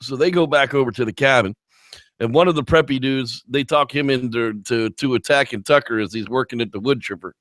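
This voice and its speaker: A man co-hosting a casual movie review show, excitedly retelling scenes and breaking into high shouts when quoting characters. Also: brisk, dry recording. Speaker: podcast co-host.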